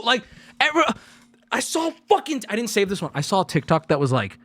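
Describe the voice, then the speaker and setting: A man in his thirties streaming, ranting with heavy profanity and breaking into sudden incredulous yells. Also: sits high, wildly swooping pitch, a little fast. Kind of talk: ranting live stream commentary.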